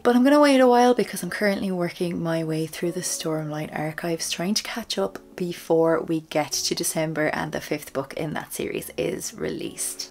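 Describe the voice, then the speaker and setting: A woman book vlogger giving a casual, chatty bookshelf tour, self-deprecating and dropping into soft whispery asides. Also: on the low side, vocal fry.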